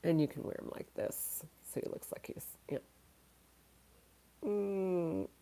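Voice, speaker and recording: A woman's voice: lowish voice, big pitch swings, slow, gravelly, dark tone. A woman running a casual live-stream auction, chatty and thinking aloud, laughing often and a little tired. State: tired, yawning.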